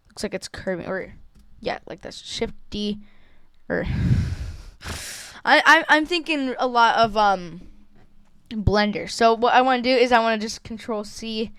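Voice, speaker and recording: A woman walking through a software drawing tutorial in a casual, hesitant way, with many fillers and self-corrections. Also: mid-range voice, clear, resonant tone, dry recording, clean studio sound. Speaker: tutorial creator. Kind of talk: screen-recorded software tutorial.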